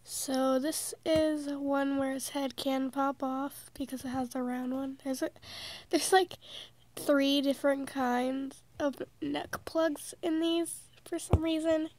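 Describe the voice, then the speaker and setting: A woman's voice: sits high, fairly even intonation, slow, darkish tone, dry recording. A teenage girl with a congested, sick voice, casually chatting through a toy unboxing vlog. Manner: chatty, giggly, amused. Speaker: vlogger.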